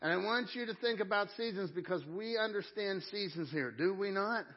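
A man's voice: high-pitched, animated, brisk. A middle-aged man preaching a sermon in a church, conversational and emphatic, talking straight to the congregation. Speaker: pastor. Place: church sanctuary. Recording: dull lo-fi sound.

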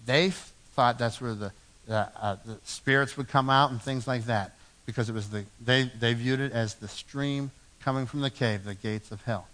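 A man preaching a sermon as pastor in a church, swinging from loud emphatic lines to low, hushed ones. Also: moderate pace.

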